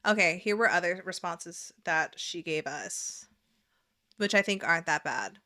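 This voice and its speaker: A woman's voice: on the low side, moderate pace, pushed and bright. A woman hosting a casual reaction video, talking in a blunt, sarcastic, chatty way.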